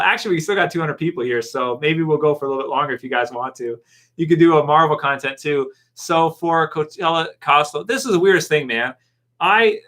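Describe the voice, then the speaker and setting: A man's voice: medium pitch, sharp tone. A man hosting a casual live stream, reading out viewer comments and rambling in a friendly way with lots of fillers. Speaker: YouTube channel host.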